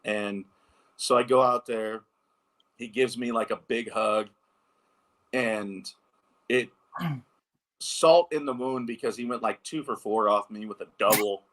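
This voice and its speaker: Bright-voiced man in his thirties telling stories. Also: fairly low pitch, measured pace, pauses often. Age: 30s. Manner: animated anecdotes, many fillers. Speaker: former pro baseball pitcher, guest. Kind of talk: casual storytelling interview.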